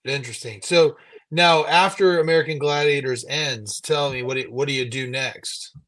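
A man's voice: medium pitch, normal speed, fairly bright tone, low-quality recording. Interviewer man, brief questions. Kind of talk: casual interview.

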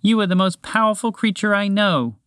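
Give me a man voicing a brave little storybook mouse, high and pleading. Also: moderate pace, a bit bright, clear, resonant tone, no echo, studio quality. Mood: earnest. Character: small brave tearful male mouse.

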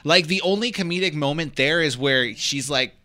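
Laid-back man with a bright voice. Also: fairly high pitch, normal speed. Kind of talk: casual movie chat.

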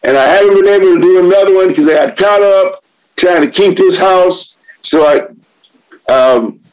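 A man's voice: sits high, moderate pace, low-quality recording. A middle-aged man sharing his story at a recovery meeting, blunt and profane, turning impassioned and preachy. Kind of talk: spoken share.

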